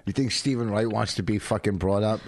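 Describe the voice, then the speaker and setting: A man, a stand-up comedian, chatting casually and profanely, rambling and often turning loud and indignant. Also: on the low side, fairly even intonation, brisk, slight background noise. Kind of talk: casual podcast banter.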